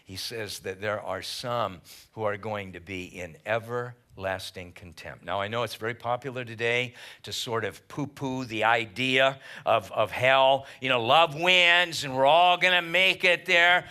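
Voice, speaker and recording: A pastor preaching a midweek Bible study sermon at church, emphatic and animated, mixing scripture with casual slang. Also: male voice, mid-range voice, a little slow, clear, resonant tone.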